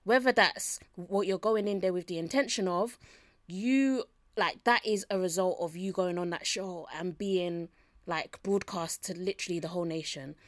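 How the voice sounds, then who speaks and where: A woman co-hosting a podcast in casual chat, chatty and quick to laugh. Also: fairly low pitch, no echo, clean studio sound.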